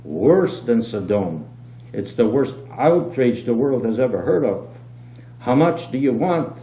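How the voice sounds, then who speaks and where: A man reading aloud and voicing an indignant traveling businessman who yells his complaints. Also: medium pitch, sing-song, a little slow, voice pushed up. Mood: outraged. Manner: outraged, shouting complaints. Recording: dull, roomy old home tape with hum.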